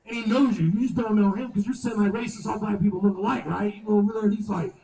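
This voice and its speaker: A man's voice: high-pitched, quick pace, gravelly, roomy sound, recorded from a distance, slight background noise, low-quality recording. A man performing a live stand-up set outdoors, crude and profane, telling stories with lots of swearing. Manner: crude, profane, animated storytelling. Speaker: stand-up comedian. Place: outdoor show venue.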